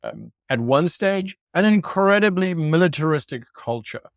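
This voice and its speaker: A man answering as a guest game master, telling stories in a lively way and acting out quoted remarks. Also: on the high side, normal speed, vocal fry, no room sound, studio quality. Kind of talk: conversational interview answer.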